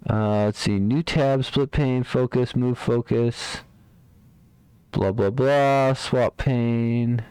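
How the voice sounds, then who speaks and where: A man's voice: medium pitch, little pitch movement, slow pace, few pauses, darkish tone, smooth, no echo. A man streaming live, thinking aloud while debugging code, muttering to himself, trailing off and repeating words.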